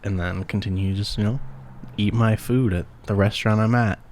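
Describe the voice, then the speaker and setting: Young guy, podcast co-host, lowish voice, laid-back and deadpan. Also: normal speed, a little hiss or hum. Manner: laid-back, deadpan, often trails off quietly. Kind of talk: casual chat over beers.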